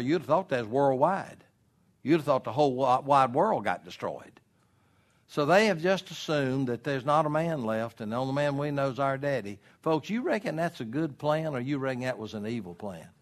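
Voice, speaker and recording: A middle-aged man preaching a homespun sermon. He moves between quiet asides and loud, drawn-out emphatic lines. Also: mid-range voice. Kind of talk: folksy sermon.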